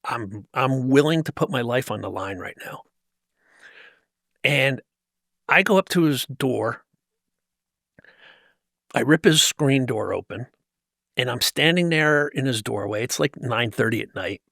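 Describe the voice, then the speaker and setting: A man's voice: mid-range voice, expressive, unhurried, creaky, long pauses, fairly bright tone, dry recording, clean studio sound. A man from New Jersey, a guest in an interview, telling a personal story in an intense, emphatic way with frequent restarts. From New Jersey, USA. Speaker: guest, motivational speaker. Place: tent set used for a podcast.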